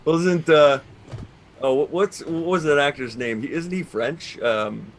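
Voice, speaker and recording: A man's voice: on the high side, unhurried, a little hiss or hum. A Canadian man co-hosting a podcast, talking in a rambling way with many restarts. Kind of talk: casual podcast banter.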